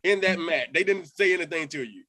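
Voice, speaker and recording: A man's voice: on the high side, fairly quick, sharp tone. A man hosting a podcast interview, reacting emphatically and asking pointed questions. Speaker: podcast host. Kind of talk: interview and channel promo.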